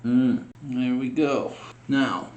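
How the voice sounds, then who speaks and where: A man narrates his scale model build in a slow, unhurried way. He mutters and grumbles in frustration at the tiny parts as he works. The sound is roomy, with a faint hum behind him. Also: mid-range voice, muffled recording. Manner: muttering to himself, frustrated and exasperated. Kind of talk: casual build vlog narration.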